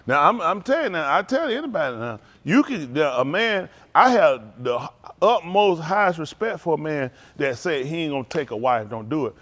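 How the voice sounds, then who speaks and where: Man, slightly high voice, humorous sermon, rambling and laughing. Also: sing-song, normal speed, a bit bright. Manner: joking, laughing often, call-and-response with the audience; colloquial and rambling, with many restarts. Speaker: preacher addressing a congregation.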